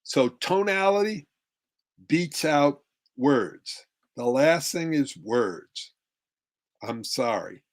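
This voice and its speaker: A man's voice: on the high side, sing-song, drawn-out words. A middle-aged man giving a relationship workshop talk with slides, acting out tones of voice to make his points. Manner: demonstrative, acts out tones of voice. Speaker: relationship coach.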